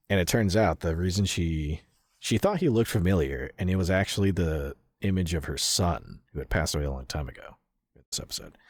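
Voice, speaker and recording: A man's voice: sits low, animated, a little fast, dry recording. A man streaming and chatting casually, rambling through a story with lots of "like" fillers and casual swearing, close to the mic. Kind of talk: casual chat retelling a story.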